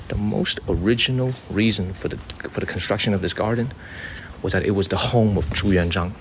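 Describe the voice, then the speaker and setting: Brief: low-voiced, gravelly American male streamer touring a garden on a phone mic, outdoor noise around him. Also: a little fast. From United States. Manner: chatty, repeats himself, addresses viewers as y'all. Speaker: livestream host and tour guide. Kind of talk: casual live-stream tour talk. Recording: noisy outdoor ambience.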